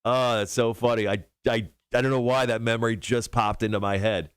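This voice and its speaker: A man's voice: mid-range voice, steady tone, fairly quick, clear, resonant tone, dry recording, clean studio sound. A male radio host chatting casually on a morning show, telling stories and laughing often while he tells them. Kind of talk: casual morning show chat on a live stream.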